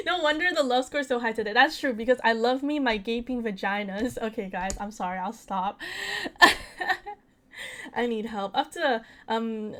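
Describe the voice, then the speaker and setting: A woman streaming a video game, chatting casually with her viewers, excitable and giggly with crude jokes. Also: sits high. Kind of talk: casual live-stream chat while gaming.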